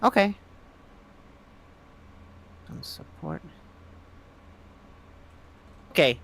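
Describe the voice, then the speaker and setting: A man moderates a fan panel and reads out messages in a higher voice. He reads at a measured pace with a lively, lilting pitch. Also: gravelly. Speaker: moderator reading donation messages. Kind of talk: reading out fan questions.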